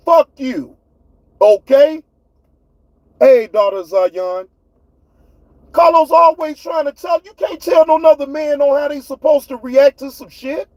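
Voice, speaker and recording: A man's voice: very high-pitched, measured pace, darkish tone, no room sound, poor audio. A man with hosting his own livestream, ranting at his chat in a fiery, profane way. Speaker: livestream host. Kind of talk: heated livestream rant.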